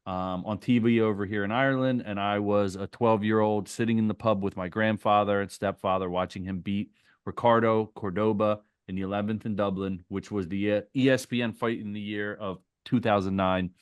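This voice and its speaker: A man with a fairly low voice reads listener mail aloud in a relaxed, chatty way. He slips in his own remarks between the lines he reads. The recording is dry and close, with no echo. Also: brisk, smooth. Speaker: podcast co-host reading listener mail. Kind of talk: casual chat and reading aloud.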